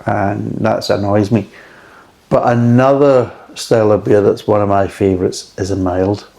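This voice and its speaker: A man's voice: on the low side, steady tone, a little slow, vocal fry, dark tone. A middle-aged man chatting casually and frankly as he reviews a beer, rambling between thoughts.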